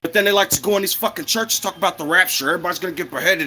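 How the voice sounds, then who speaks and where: Heated high-voiced man ranting. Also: rapid-fire, hardly any pauses, pushed and bright. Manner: heated, profane, repetitive. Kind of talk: casual monologue rant.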